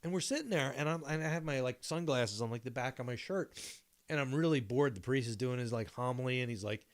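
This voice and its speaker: A middle-aged man spins a rambling, profanity-laced story in casual podcast chat. His voice sits at an ordinary middle pitch, and he keeps piling on asides as he talks. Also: fast talker. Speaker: podcast co-host.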